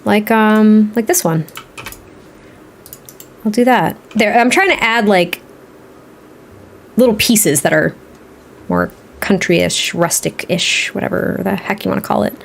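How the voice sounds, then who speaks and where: A woman with a medium-pitched voice and vocal fry speaks a little slowly, leaving long pauses, over slight background noise. She's live streaming while building in a game, rambling, laughing often, and reading comments as she talks to her chat viewers.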